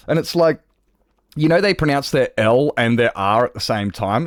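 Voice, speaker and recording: A man's voice: medium pitch, lively intonation, fairly quick, no room sound, clean studio sound. A man with an Australian accent chatting casually on a livestream, rambling and swearing freely. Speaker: Minecraft streamer.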